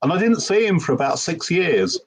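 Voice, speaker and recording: A man's voice: on the high side, big pitch swings, fairly quick. A man chatting casually on a livestream panel, friendly and encouraging, with hesitant restarts. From United Kingdom. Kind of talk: casual chat.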